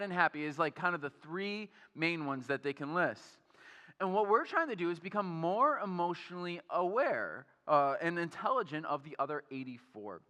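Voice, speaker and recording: A young man and pastor giving an energetic, conversational sermon, often turning to the audience with questions and filler words. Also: high-pitched, long reverb tail. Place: church auditorium.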